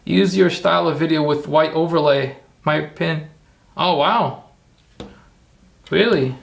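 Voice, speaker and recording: A man's voice: fairly high pitch, creaky. A man hosting a casual tutorial livestream, rambling, repeating himself and talking to his chat. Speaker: livestream host.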